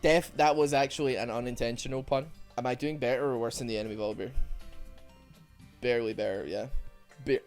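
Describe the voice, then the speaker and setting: A man giving rambling, self-mocking commentary over a video game, with quick asides. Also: medium pitch, steady tone, soft background music. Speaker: gaming YouTuber. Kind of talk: joking gameplay commentary.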